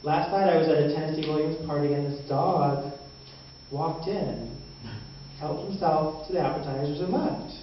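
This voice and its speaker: A man's voice: fairly high pitch, normal speed. A man doing open mic stand-up, meandering and hesitant, full of ums and chuckling at his own jokes, recorded from a distance. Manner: meandering, hesitant, frequent ums and self-laughing asides. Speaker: stand-up comedian. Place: small open mic venue. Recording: dull lo-fi room recording from far off, very echoey, faint hum.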